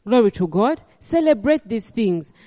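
A woman's voice: fairly high pitch, big pitch swings, normal speed, mellow, big-room sound. A woman pastor with a Ugandan accent preaching a sermon, emphatic and repeating her phrases.

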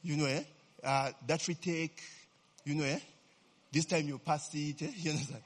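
A man's voice: fairly high pitch, steady tone, moderate pace. A man preaching a sermon to a congregation, tagging his sentences with a questioning "eh?", prompting answers and chuckling as he goes. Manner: chuckles often mid-sentence. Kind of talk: lively sermon with audience call-and-response.

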